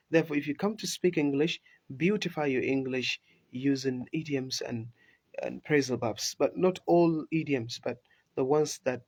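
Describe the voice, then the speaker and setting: A man with a Nigerian Hausa accent, teaching English idioms and switching languages as he explains. His voice sits at a middle pitch and sounds dry and close, with no room around it. He repeats example phrases slowly for his learners. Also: no room sound. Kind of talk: recorded language lesson.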